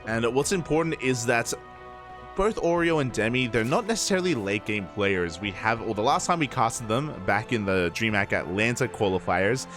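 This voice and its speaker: A man giving lively play-by-play commentary on a live game as an esports caster, joking and laughing as he talks to the chat. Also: mid-range voice, moderate pace, over music.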